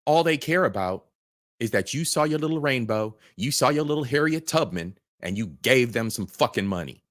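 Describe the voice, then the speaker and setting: A man's voice: medium pitch, expressive, moderate pace, fairly bright tone, no room sound, studio quality. A man hosting a reaction video, ranting angrily with heavy profanity. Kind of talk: angry ranting commentary.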